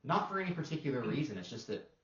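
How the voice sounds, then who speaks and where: A man co-hosting a casual roundtable talk as an English teacher, rambling and relaxed with lots of fillers. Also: mid-range voice, very fast, reverberant, dull audio. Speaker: English teacher and podcast co-host.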